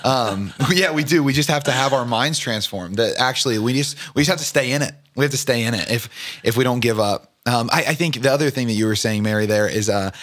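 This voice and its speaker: A man's voice: mid-range voice, a little fast, fairly bright tone. A man co-hosting a faith podcast, reflective and affirming, often chiming in with agreement. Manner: reflective, affirming, frequent backchannels. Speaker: podcast co-host. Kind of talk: casual faith conversation.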